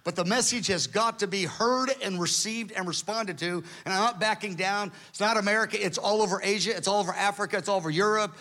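Earnest man preaching with a bright voice. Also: high-pitched, fast talker, few pauses. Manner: earnest, intense, retelling with quoted dialogue. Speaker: pastor. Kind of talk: sermon storytelling.

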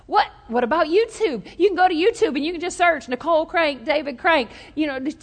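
Woman preacher, high-pitched, animated storyteller, recorded in a reverberant hall. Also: fairly quick. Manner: lively storytelling with jokes, call-and-response to the congregation. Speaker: pastor. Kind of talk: sermon.

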